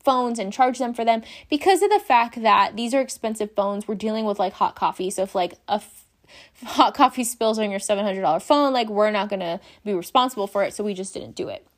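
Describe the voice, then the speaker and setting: A young woman, a former shift supervisor, telling work stories in a casual, animated way, swearing freely and acting out the people involved. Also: medium pitch, brisk. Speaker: vlogger, former coffee shop shift supervisor. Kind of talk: casual storytelling rant.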